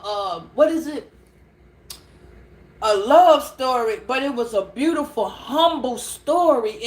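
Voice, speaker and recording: A woman telling a story casually to camera, animated and laughing, repeating words as she goes. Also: sits high. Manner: animated, laughing, repeats words, calls listeners girl and child. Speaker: tarot reader.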